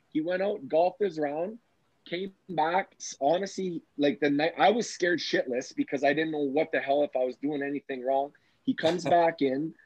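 Husky man telling stories on dull lo-fi audio. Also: a little high, dry recording. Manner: animated, profane, excitable storyteller. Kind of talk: casual storytelling.

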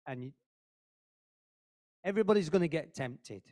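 A man's voice: fairly high pitch, lively intonation, moderate pace, darkish tone. A man giving an informal, earnest sermon to a church group, talking conversationally and repeating phrases for emphasis. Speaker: lay preacher at a church meeting.

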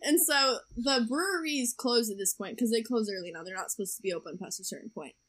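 A woman's voice: a little high, fast, fairly bright tone. A young woman telling a dating story in a casual podcast chat, chatty and laughing often. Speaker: podcast co-host.

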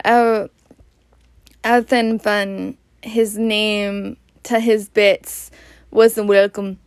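Woman, storybook reader, slow and halting, stumbles and rereads, close dry sound. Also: on the high side, no echo. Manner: halting, stumbles and rereads words, laughs at slips. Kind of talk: reading a storybook aloud.

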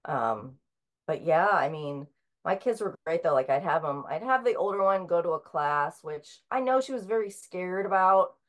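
A woman's voice: fairly low pitch, expressive, moderate pace. A middle-aged woman author speaking as an interview guest, talking casually with many filler sounds and restarts.

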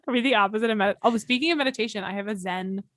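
A woman's voice: medium pitch, very fast, no echo, studio quality. A young woman co-hosting a podcast, chatting casually, swearing freely and rambling with giggles. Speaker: podcast co-host. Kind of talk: casual chat.

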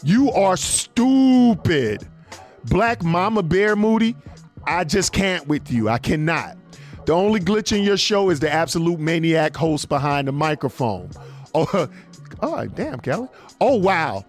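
A man hosting an internet radio show, reading listener messages aloud in a loose, slangy, animated way. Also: fairly high pitch, unhurried, soft background music. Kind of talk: casual radio show banter.

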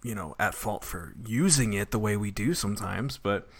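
A man hosting a casual interview podcast, chatty and quick to laugh. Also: fairly low pitch, expressive, husky. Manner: laughs easily, loose and chatty. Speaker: podcast host.

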